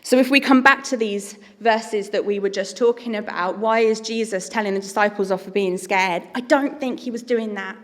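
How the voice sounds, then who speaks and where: A woman's voice: mid-range voice, moderate pace, hardly any pauses, long reverb tail. A woman giving an earnest, conversational sermon as a preacher.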